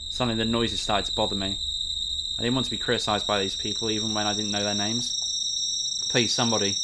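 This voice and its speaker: A man reading a visual novel's text aloud for a playthrough, shifting his voice between characters. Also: very noisy. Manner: reads all parts, shifting pitch for characters. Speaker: game playthrough narrator. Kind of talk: reading game dialogue aloud.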